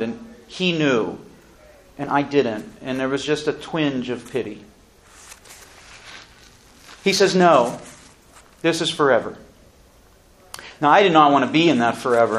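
A man giving an earnest, solemn spoken testimony, speaking deliberately with pauses and restarts. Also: fairly high pitch, a bit bright.

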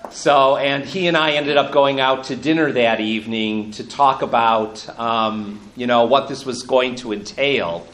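A man's voice: mid-range voice, unhurried, heavy background noise. A bishop in his fifties telling a personal story to an audience, good-humored and chuckling as he goes. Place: room with an audience. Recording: roomy hall echo.

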